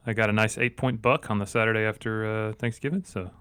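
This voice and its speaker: A man's voice: on the low side, fast, smooth, no echo. Joking man, dry close mic. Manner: joking, animated storyteller. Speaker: podcast co-host. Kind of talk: casual chat.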